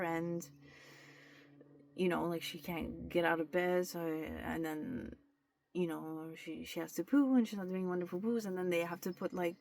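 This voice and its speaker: In a candid vlog captured on her camera mic, a young woman talks directly to the lens, frequently starting over and filling pauses. Her voice is lowish, and there's a little hiss or hum.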